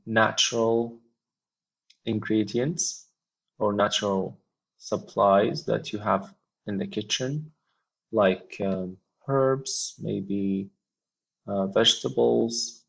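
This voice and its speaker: Slow gravelly man teaching a lesson. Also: lowish voice, dull audio. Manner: slow explanations with frequent ums. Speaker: English teacher. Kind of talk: textbook lesson with read-aloud dialogue.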